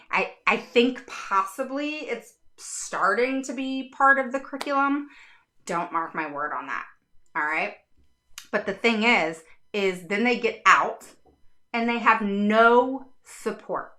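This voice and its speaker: A middle-aged woman talks straight to her viewers as a special education advocate, blunt and unsugarcoated, with the odd casual curse. Her voice is bright and sits a little high. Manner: frank, blunt, swears casually.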